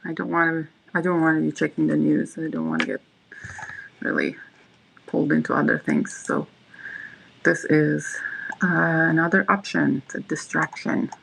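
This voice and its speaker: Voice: mid-range voice, lively intonation, normal speed, gravelly, pauses often, fairly bright tone, slight background noise, poor audio. A livestream host in casual chat, rambling and reading viewers' messages aloud. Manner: frequent fillers and restarts.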